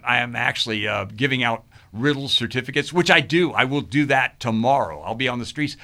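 Lively, gravelly-voiced man telling stories. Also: mid-range voice. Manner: lively, acts out quoted voices. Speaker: podcast guest. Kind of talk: animated storytelling.

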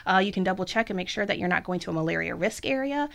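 Woman, casual interview talk, enthusiastic, gravelly fry, lots of ums. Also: mid-range voice, lively intonation, very fast, a bit bright. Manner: chatty, enthusiastic, many fillers. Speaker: blood services representative.

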